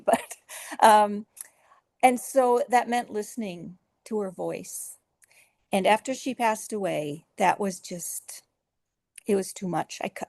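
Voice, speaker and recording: Gravelly-voiced woman author. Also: medium pitch, no echo, clean studio sound. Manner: earnest, emotional, with soft laughs and filler restarts. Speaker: author guest. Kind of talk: conversational interview storytelling.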